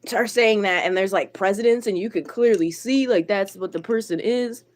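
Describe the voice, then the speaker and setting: A woman's voice: mid-range voice, normal speed, slight background noise. A woman livestreamer ranting to her chat, blunt and irritated, swearing a lot and answering viewers by name. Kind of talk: live stream chat rant.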